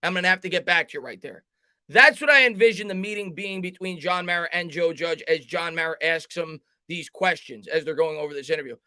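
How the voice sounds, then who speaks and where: A man's voice: on the high side, a little fast, bright, forceful tone, smooth, no room sound. A man putting on the voice of a male head coach who stalls and repeats himself to dodge questions. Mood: evasive. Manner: stalling, repetitive, evasive.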